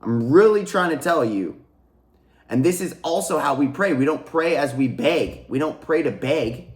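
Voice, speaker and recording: A man's voice: a little high, lively intonation, normal speed, roomy sound. A man giving a casual spiritual teaching monologue, earnest and repetitive, restarting phrases and addressing his viewers as guys. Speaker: spiritual coach and channel host.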